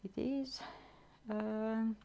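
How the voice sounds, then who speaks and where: Slow-talking woman cooking live. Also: a little high, fairly even intonation, gravelly, dark tone. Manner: chatty, addresses viewers, searches for words. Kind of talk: casual live-stream cooking chat. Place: home kitchen.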